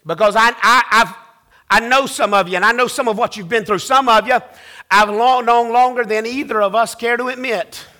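Male pastor, very high bright voice, sermon that swells into shouting. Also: normal speed. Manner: building to shouted preaching, repeats phrases.

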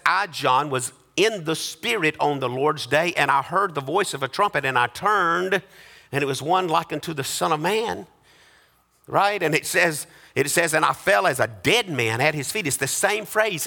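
Gravelly high-pitched preaching man. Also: sharp tone. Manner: preacherly, rising sing-song cadence with dramatic pauses. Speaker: pastor. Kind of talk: sermon.

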